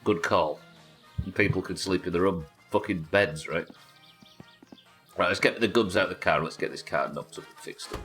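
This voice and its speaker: A man's voice: sits low, normal speed, a bit bright, faint music behind. A British man streaming a game live, chatting casually with viewers, reading out their messages and swearing freely. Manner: chatty, swears, reads chat aloud. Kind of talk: casual gameplay chat.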